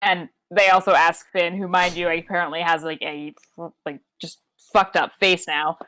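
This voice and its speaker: A woman co-hosting a podcast, recapping a wrestling show in casual chat, swearing freely and leaping into high-pitched impressions. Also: normal speed, no echo. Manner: animated, profane, jumps into high-pitched impressions. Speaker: podcast co-host.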